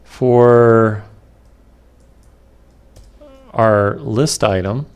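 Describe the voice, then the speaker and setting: A man teaching a web development lecture over a screen capture, talking in a slow, halting way with many fillers and pauses while he has the hiccups. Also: fairly low pitch, steady tone, darkish tone, clear, resonant tone, muffled recording.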